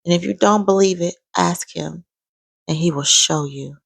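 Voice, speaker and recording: Gravelly-voiced woman giving earnest testimony. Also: fairly low pitch, normal speed, no echo. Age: 40s. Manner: emphatic, heartfelt, pleading. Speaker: vlogger. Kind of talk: personal faith testimony vlog.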